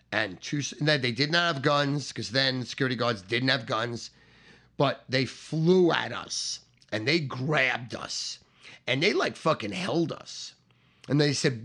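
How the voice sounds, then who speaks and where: A middle-aged man telling a profane comic story, animated and swearing, acting out the shouting voices in it. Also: mid-range voice, unhurried. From Staten Island, New York.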